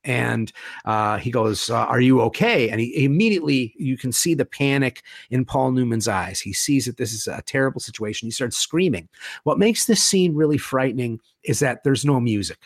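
A man's voice: medium pitch, animated, moderate pace, dry recording, studio quality. A man talking as a guest in a conversation, retelling film scenes with vivid storytelling and acted-out quotes. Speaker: guest, horror author.

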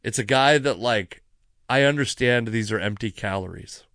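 A man hosting a podcast, telling a rambling story in a casual, animated way, cursing freely, with many asides, while sipping wine. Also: medium pitch, moderate pace, dry recording, studio quality. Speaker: podcast host.

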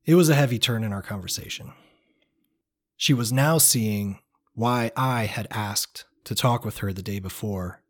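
A man reading his own first-person travel story aloud in a reflective, measured, quietly earnest way. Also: on the low side.

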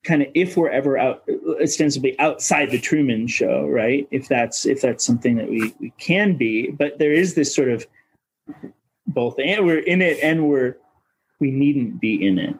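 A man's voice: mid-range voice, animated, moderate pace, husky, low-quality recording. A man from Minnesota, a coach of coaches, talking as a podcast guest in a searching, philosophical way and swearing casually. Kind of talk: reflective podcast conversation.

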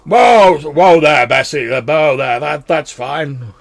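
A gruff dwarf miner, played by a man, bellows his greetings, pitched well above the speaker's own voice and pushed loud. His tone stays hearty and blustering, in a tabletop game. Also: lively intonation, unhurried, full character voice.

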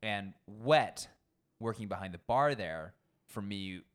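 Young male sommelier guest, low-ish voice, lively casual storyteller who swears freely. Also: takes it slowly, smooth. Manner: animated, acts out quoted people, frequent swearing.

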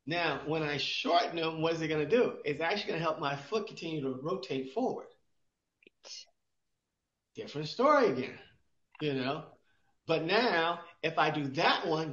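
A podcast co-host and exercise expert explains exercise in casual chat, often restarting and posing rhetorical questions to himself. His pitch is fairly high with a fairly bright tone, and the recording is roomy, dull, and lo-fi.

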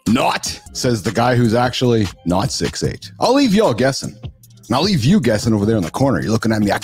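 A man hosting a podcast with high energy, joking around and swearing casually as he talks to his audience. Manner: animated, joking, swears freely. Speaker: podcast host.

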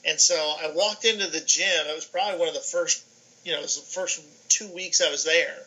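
A middle-aged man from New York, a guest on a video call, telling lively stories and acting out the dialogue in them. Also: a little high, fairly quick, rough recording. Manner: animated, acts out dialogue in his anecdotes. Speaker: guest, sports information director. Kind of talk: casual storytelling on a podcast.

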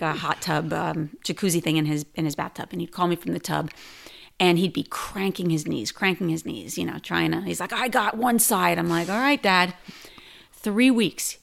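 A woman's voice: on the low side, gravelly. A woman who teaches yoga, telling stories in a casual interview and acting out the people she quotes. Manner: animated, quotes people in lively voices.

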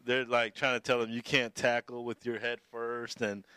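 A man's voice: mid-range voice, little pitch movement, normal speed, pushed and bright, clear, resonant tone, poor audio. A man taking part in a talk show discussion, earnestly building an argument. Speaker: discussion participant.

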